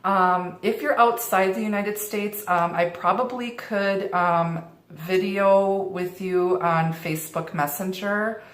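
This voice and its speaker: A woman's voice: medium pitch, fairly even intonation, slow pace, few pauses. A middle-aged woman giving a tarot reading in a reassuring way, often repeating and restarting her phrases. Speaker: tarot reader. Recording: roomy echo.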